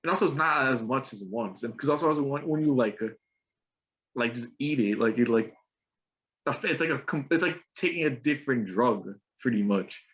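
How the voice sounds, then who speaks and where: A man's voice: medium pitch, expressive, moderate pace, a bit bright. A young man talking casually on a podcast, rambling with lots of slang and filler words. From Colombian roots. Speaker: podcast host. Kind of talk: casual chat. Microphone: video call. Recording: muffled video call audio.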